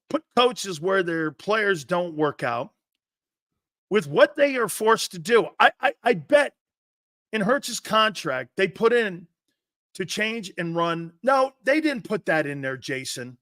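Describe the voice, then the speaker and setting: A man's voice: high voice, big pitch swings, slow, fairly bright tone, no room sound, clean studio sound. A man hosting a sports talk stream, ranting in a combative, sarcastic way, swearing, repeating his points and answering chat comments. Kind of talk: livestream sports rant.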